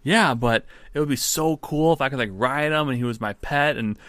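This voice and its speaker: A man voicing an eager little boy, breathless and excited, with a squeaky rising pitch. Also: normal speed, clear, resonant tone, no echo, natural voice. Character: eager little boy asking Santa for a pet.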